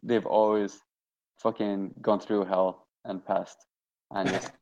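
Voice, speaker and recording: A man with a low, gravelly voice co-hosts a laid-back hobby podcast. He talks loosely, with lots of fillers and swearing. His lo-fi microphone makes the sound dull. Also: slow pace, slight background noise. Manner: relaxed, swears a lot, fillers like "like" and "uh". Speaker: podcast co-host. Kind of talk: casual hobby podcast chat.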